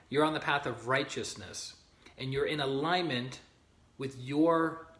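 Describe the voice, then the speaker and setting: A man's voice: medium pitch, fairly bright tone. A man, a spiritual teacher, giving an informal teaching to an online group, reading passages from a book, greeting viewers by name and checking in with them often. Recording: roomy echo.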